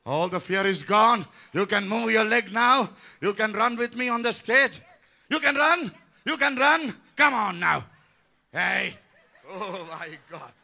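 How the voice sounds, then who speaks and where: A man's voice: high-pitched, a little slow, gravelly, bright, forceful tone. A man in his sixties leading a healing service as pastor, fervent and repetitive in call-and-response. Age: 60s.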